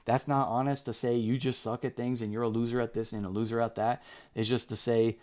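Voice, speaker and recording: A man's voice: mid-range voice, steady tone, normal speed, darkish tone. A man giving a casual, candid book review, rambling with lots of fillers and restarts and turning earnest when he urges viewers. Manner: earnest and emphatic when urging.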